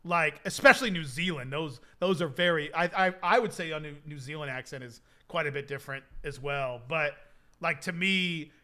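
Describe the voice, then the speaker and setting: A man's voice: fairly high pitch, moderate pace, sharp tone. A young adult man hosting a live stream, chatting casually and rambling with lots of filler words. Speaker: streamer hosting a game server giveaway.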